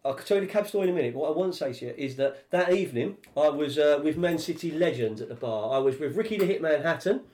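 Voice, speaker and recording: A fast-talking English man hosting a podcast, rambling through animated stories. His voice sits a little high and he talks quickly. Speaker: podcast host. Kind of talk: casual chat.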